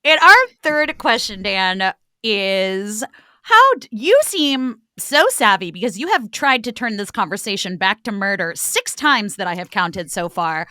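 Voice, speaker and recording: Bright, lively woman podcast host. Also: medium pitch, a little slow, no echo, clean studio sound. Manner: playful, teasing, asks questions. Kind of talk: casual chat.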